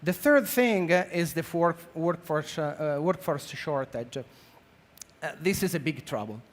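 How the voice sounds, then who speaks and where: A man speaks English with an Italian accent, presenting on a conference stage. His voice sits slightly high for a man. He stops and restarts often and fills his pauses with long ums and uhs. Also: lively intonation. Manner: halting, many fillers and restarts. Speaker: conference speaker, marketing director.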